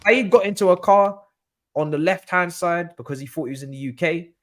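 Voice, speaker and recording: A man telling a story as a guest in a casual chat, slangy and animated. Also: fairly quick. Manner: animated, slangy storyteller with lively pitch swings. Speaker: podcast guest.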